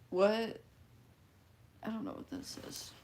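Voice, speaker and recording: A giggly woman in her twenties talks casually on a livestream, answering chat messages in a loose, chatty way. Her voice sits at an ordinary middle pitch for a woman. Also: darkish tone, a little hiss or hum. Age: 20s. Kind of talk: casual live-stream chat.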